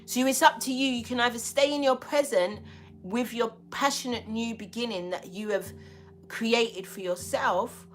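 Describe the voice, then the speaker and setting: A woman's voice: a little high, moderate pace, soft background music. A woman giving a spiritual tarot reading, talking bluntly and emphatically with a lot of swearing. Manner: blunt, profane, emphatic preaching.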